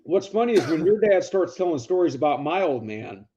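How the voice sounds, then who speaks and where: A man's voice: a little high, big pitch swings, brisk, mellow, lo-fi sound, a little hiss or hum. A man co-hosting a podcast who tells casual, profane stories and acts out the dialogue. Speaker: podcast co-host. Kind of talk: casual storytelling chat.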